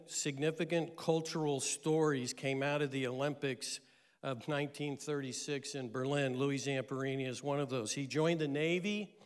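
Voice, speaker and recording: Middle-aged pastor guy telling a story in his sermon, kinda high voice, lots of uh pauses. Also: smooth. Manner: animated storyteller with frequent "uh" pauses.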